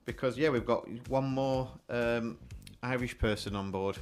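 A man's voice: medium pitch, a little slow, faint music behind. A man co-hosting a radio show, chatting casually and rambling, correcting himself mid-sentence. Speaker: radio co-host. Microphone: studio mic with headphones.

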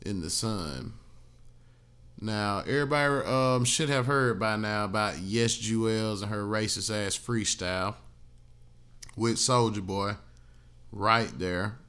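A man's voice: fairly low pitch, fairly bright tone, clean tone. A young man hosting a solo podcast, talking bluntly and profanely in a loose conversational rant, tired and yawning after a flight. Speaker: podcast host.

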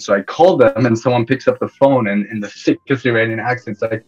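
A man's voice: medium pitch, normal speed, few pauses, husky, muffled recording, faint music behind. A young man from Iran, a podcast guest telling casual, self-deprecating stories with frequent restarts. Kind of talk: casual interview storytelling.

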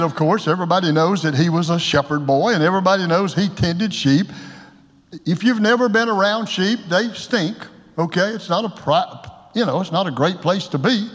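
An older man preaching a sermon as pastor, folksy and joking, with sudden loud shouts. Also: high-pitched, long reverb tail. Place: church sanctuary.

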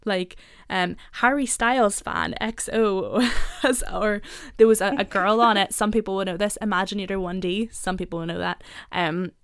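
Northern irish girl in her 20s podcasting, smooth clear voice, dry close sound. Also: mid-range voice, no room sound. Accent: Northern Irish, drifting American. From Northern Ireland. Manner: chatty, laughs often, quick asides. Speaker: podcast co-host. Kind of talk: casual podcast chat.

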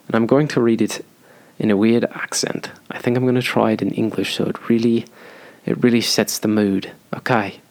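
A man's voice: on the low side, fairly even intonation, normal speed, a little mellow. A young man hosting a solo podcast, giving advice in a loose, joking way with frequent ums and restarts. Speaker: podcast host.

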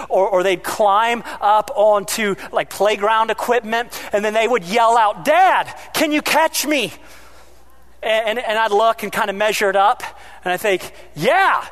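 A man with a very high voice for his sex preaches a sermon. He is animated, building to loud emphatic peaks and then dropping to quiet asides. He tosses in joking remarks to the congregation along the way. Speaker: pastor.

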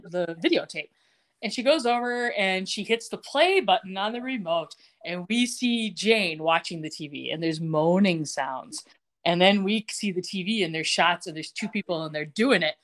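Brief: woman, podcast co-host, lively plot recap, middle pitch, plays the characters' lines. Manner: acts out characters' lines with shifting pitch, laughs often. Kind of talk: casual chat, animated plot retelling.

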